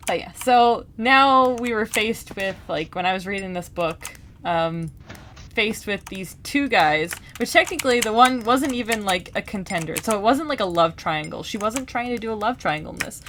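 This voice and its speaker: A woman chats casually to her viewers, rambling and animated, with many fillers and restarts. Her pitch sits in a middle range. Faint keyboard clicks sound in the background while she plays. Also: moderate pace, a little hiss or hum. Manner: gaming while talking. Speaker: book vlogger. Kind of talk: casual chat.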